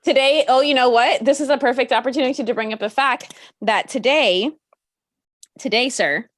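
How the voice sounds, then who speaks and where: A woman's voice: high-pitched, normal speed, a bit bright, no room sound, clean studio sound. A woman co-hosting a live-stream show, giggly and playful, reading out trivia. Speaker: podcast co-host. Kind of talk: casual live-stream chat.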